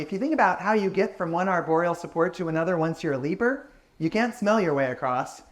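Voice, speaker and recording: A man giving a public science talk, answering audience questions in an enthusiastic, explanatory way. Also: on the high side.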